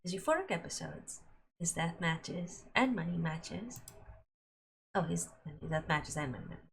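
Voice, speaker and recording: A woman's voice: on the low side, animated, moderate pace, gravelly, slight background noise. Emotional giggly woman streaming a visual novel, reads it out, voice all over the place, music behind. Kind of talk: let's play commentary and reading aloud.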